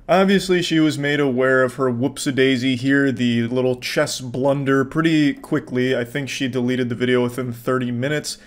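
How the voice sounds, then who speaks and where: A man giving sarcastic reaction commentary in a deadpan, sardonic way, swearing freely. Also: medium pitch, normal speed, few pauses.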